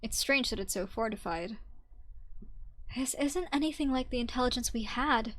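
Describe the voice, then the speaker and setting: A woman's voice: a little high, normal speed, a bit bright, close to an everyday voice. A woman voicing an earnest young female leader who speaks carefully and seriously.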